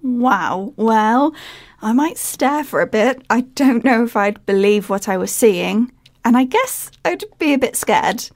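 Bright-voiced female co-host. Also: a little high, animated, unhurried. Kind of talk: scripted educational radio presenting.

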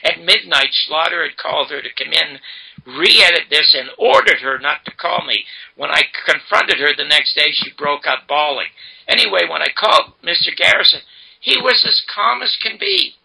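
An older man, a guest in an interview, retelling a story emphatically and dramatically in a gravelly, husky voice. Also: a little high, animated, moderate pace, bright, forceful tone, poor audio. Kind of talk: animated storytelling.

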